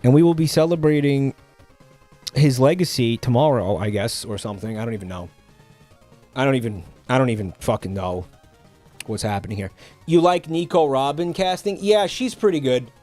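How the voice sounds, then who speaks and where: A man's voice: medium pitch, animated, a little mellow. Rambling male streamer chatting over faint music. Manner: rambling, halting, with many fillers and restarts; offhand and sardonic. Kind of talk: casual live-stream chat.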